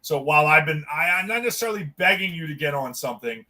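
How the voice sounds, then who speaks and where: A man chats on a podcast with a bright, forceful voice that sits a little high. He tells stories with energy, acts out every line he quotes and swears without a second thought. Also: fast talker. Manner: animated storyteller, acts out quotes, swears freely. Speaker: podcast co-host. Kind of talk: casual chat.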